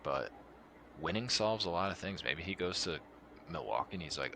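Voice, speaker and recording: A man's voice: sits low, moderate pace, noisy background. A man co-hosting a sports podcast, chatting casually and animatedly. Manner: animated, breaks into laughter, loud voice impressions. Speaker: podcast co-host.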